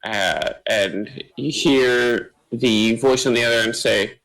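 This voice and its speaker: Slow, meandering game master man. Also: medium pitch, fairly bright tone, low-quality recording. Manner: slow, filler-heavy, meandering. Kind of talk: narrating a tabletop game.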